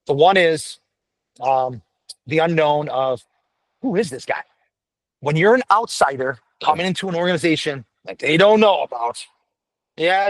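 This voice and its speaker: A man's voice: a little high, no echo. A man guest on a casual podcast interview, talking bluntly and profanely, rambling with many restarts. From United States. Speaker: firefighter paramedic guest.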